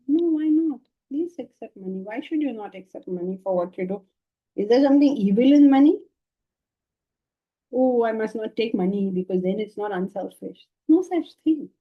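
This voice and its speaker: A woman giving a spiritual lecture, emphatic and full of rhetorical questions. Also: fairly high pitch. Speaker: spiritual teacher. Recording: dull lo-fi sound.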